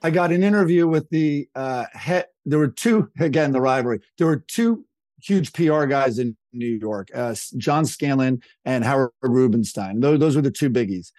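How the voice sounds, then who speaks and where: A man's voice: mid-range voice, animated, normal speed, darkish tone, no room sound. A middle-aged man, a podcast guest, telling rambling stories in a casual, chatty way. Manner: chatty, rambling, acts out quoted people. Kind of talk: casual anecdotal storytelling.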